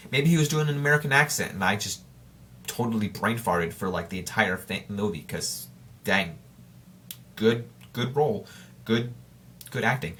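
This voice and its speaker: A man's voice: mid-range voice, a bit bright. A man hosting a solo podcast in casual chat, talking straight to his listeners and rambling, with frequent restarts and self-corrections. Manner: informal and chatty, addressing listeners directly. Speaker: podcast host.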